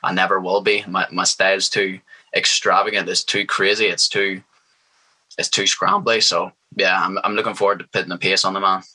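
A man's voice: sits low, flat delivery, moderate pace, bright, forceful tone, breathy edge, poor audio. A young man, a fighter speaking as a guest in a casual interview, confident and hyped. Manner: confident, hyped, trash-talking.

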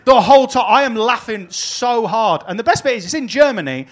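Animated man telling stories. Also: very high voice, normal speed. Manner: swearing, animated storytelling with laughs. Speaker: podcast host and wrestling promoter. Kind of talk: live podcast chat with an audience.

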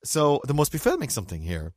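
Irish man, podcast host, casual storytelling, lively swooping pitch, dry close sound. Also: quick pace, no room sound. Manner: animated storyteller, wry asides.

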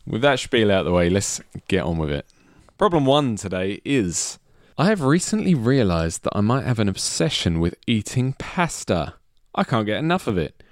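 A man hosting a casual comedy podcast, jokey and quick to laugh. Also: lowish voice, no room sound, studio quality. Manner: jokey, laughs often, lively delivery. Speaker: podcast host. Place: small studio.

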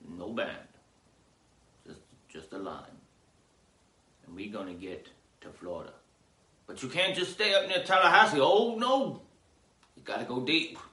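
A man hosting a rambling comedy podcast, talking theatrically and jokily, jumping from loud outbursts to mumbled asides, on grainy audio with clicks. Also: medium pitch, very animated, measured pace, pauses often, echoey room. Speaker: podcast host.

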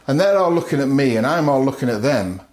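A middle-aged man tells his story as a podcast guest, with a voice of ordinary pitch for a man. He acts out other people's lines and chuckles often as he goes. The room around him gives his voice a noticeable echo. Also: expressive, fast, a little mellow. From north of England. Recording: roomy echo.

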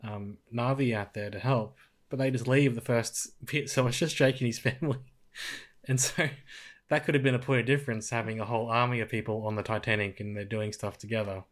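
A man of average pitch co-hosting a relaxed film review chat. He rambles through his points, trips over restarts and hedges his opinions. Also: brisk. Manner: rambling, hesitant, frequent restarts and laughs. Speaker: podcast co-host.

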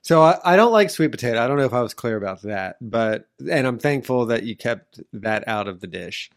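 A podcast co-host in casual chat with their spouse, talking in a dry, deadpan, complaining way. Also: mid-range voice, fairly quick.

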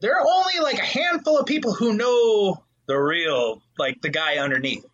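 A podcast co-host with a high voice tells stories in a casual, animated chat, swearing a lot along the way. He speaks at a moderate pace, and the recording's highs are cut off.

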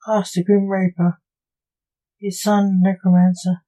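A woman hosting a podcast, telling gothic fiction in a measured, theatrical narration. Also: mid-range voice, flat delivery, dark tone, rough recording. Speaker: podcast host and storyteller.

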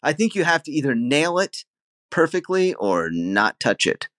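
A male comedian chatting on a podcast, his pitch swinging widely up and down as he muses. His voice sounds dry and close, with no room around it. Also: sing-song, normal speed, fairly bright tone, no room sound. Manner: musing and questioning, hedges with "I don't know" and "I think". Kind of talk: casual conversational chat. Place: living in Germany.

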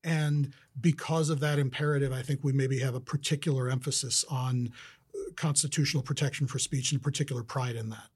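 A man's voice: medium pitch, steady tone, fairly quick, darkish tone, slightly rough. A man being interviewed, explaining ideas in a thoughtful, conversational way with frequent restarts. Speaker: interviewee, law speaker.

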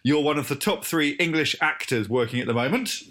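Quick-talking teasing podcast host. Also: male voice, fairly high pitch, lively intonation, a bit bright. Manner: teasing, playful. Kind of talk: casual chat. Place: home, remote call.

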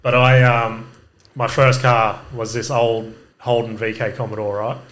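A man's voice: mid-range voice, flat delivery, measured pace, fairly bright tone, poor audio. A man with an Australian accent, a guest comedian telling stories in casual chat, laughing through them and acting out the voices of people he quotes. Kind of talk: casual storytelling.

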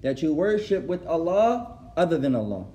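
A man's voice: on the high side, big pitch swings, normal speed, mellow. A man teaching an Islamic lesson to a class. He switches between English and Arabic, translating as he goes, repeats phrases for emphasis and laughs at his own stories.

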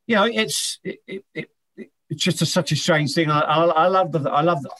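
A man's voice: fairly high pitch, normal speed, bright, forceful tone. A middle-aged man, a former footballer, chatting as an interview guest, telling rambling anecdotes with many restarts. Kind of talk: casual interview chat.

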